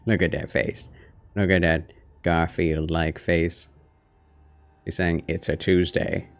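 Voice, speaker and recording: A man's voice: low voice, flat delivery, slow pace, creaky, smooth. A man streaming a horror game for his chat, chatting casually and cooing at his cat. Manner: talks baby talk and whispers to his cat. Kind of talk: casual gameplay livestream chat.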